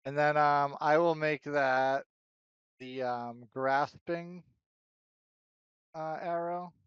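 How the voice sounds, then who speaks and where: A man's voice: a little high, fairly even intonation, takes it slowly, clean tone, no room sound. A man playing a tabletop game, working out his dice math aloud. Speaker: player. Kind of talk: casual tabletop game play. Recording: slightly muffled lo-fi audio.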